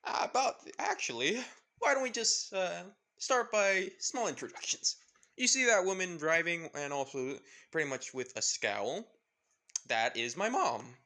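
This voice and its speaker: A man voicing a panicky teenage boy caught in a chase, yelling and laughing nervously in a fan-made story. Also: high voice, expressive, unhurried, voice pushed up, full character voice. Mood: chatty.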